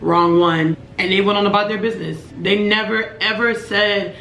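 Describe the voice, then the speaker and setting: A young woman in her twenties telling a personal story to camera, earnest and emotional, with halting restarts. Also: medium pitch, fairly even intonation, vocal fry, bright, forceful tone, echoey room. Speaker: vlogger.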